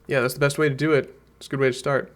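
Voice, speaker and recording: A man's voice: medium pitch, level tone, racing. A man hosting an online meeting for a game event, friendly and easygoing as he answers questions. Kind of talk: casual meeting talk.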